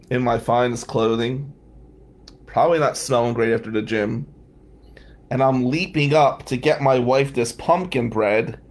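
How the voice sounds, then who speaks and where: A man from New Jersey, a defense lawyer, telling a wry, self-mocking story in a casual podcast chat. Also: mid-range voice.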